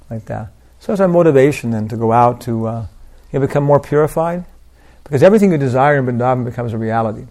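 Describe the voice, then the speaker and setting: An older man giving an informal devotional talk, rambling through anecdotes with lots of "you know" and soft laughs. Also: medium pitch, fast. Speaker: preacher.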